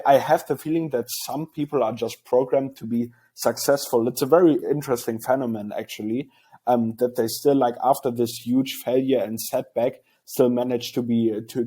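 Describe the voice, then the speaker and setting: Podcast host guy, warm mellow voice, lots of stammers n fillers. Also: medium pitch, fairly even intonation, moderate pace. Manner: hesitant, stammering restarts, filler words. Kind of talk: casual podcast chat.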